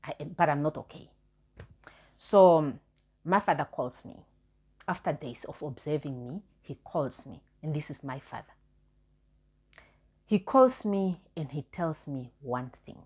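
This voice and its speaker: A woman with a low, husky voice tells a personal story to camera. She is candid and emphatic and circles back to repeat her key points. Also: animated, measured pace, pauses often, darkish tone. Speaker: vlogger.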